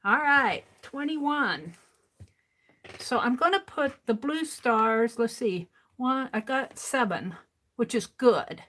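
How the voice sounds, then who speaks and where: An older woman hosting an art livestream, chatting casually to herself as she works and counting items out loud. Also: a little high, animated. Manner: unhurried, talks to herself while working, counts items aloud. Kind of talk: casual crafting livestream chat.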